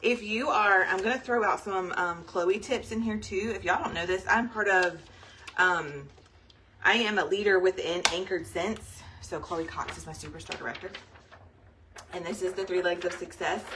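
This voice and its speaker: A woman's voice: fairly low pitch, normal speed, recorded from a distance, background noise. A young woman, a pregnant team leader, talking casually and rambling to her team on a live video, saying y'all with lots of fillers. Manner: chatty and rambling, says y'all, frequent fillers. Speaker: direct sales team leader.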